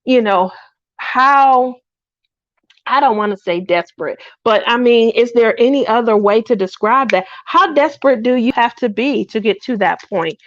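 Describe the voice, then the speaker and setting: A middle-aged woman hosts a craft livestream, talking casually to her viewers. She tells stories in an animated way and laughs often. Her voice comes through dull, dry, lo-fi stream audio. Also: fairly high pitch, dry recording.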